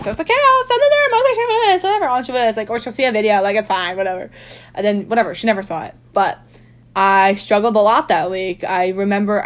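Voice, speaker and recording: Young woman talking casually, lots of "like", mid-pitched, emphatic. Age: young adult. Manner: chatty, heavy use of "like", emphatic. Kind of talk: casual personal storytelling.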